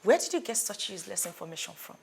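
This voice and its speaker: An actress playing an obsessive young woman who arranged a kidnapping, in a defiant, sharp-tongued manner. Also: medium pitch, sing-song, quick pace, creaky. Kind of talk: Nollywood film drama.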